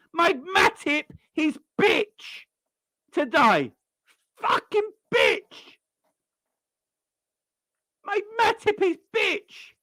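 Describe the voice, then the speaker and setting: A football fan rants in a high, sharply bright voice, swinging wildly up and down. The sound is close and dry, with no room around it. The talk is sweary, sarcastic and fed up. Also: dry recording. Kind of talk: angry fan rant.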